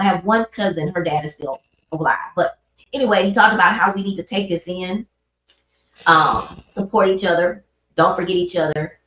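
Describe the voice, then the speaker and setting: A woman's voice: fairly low pitch, a bit bright. A woman hosting a livestream, talking about grief in an earnest, rambling, conversational way. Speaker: livestream host. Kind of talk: casual personal talk on grief. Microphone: livestream microphone. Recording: roomy, dull livestream audio.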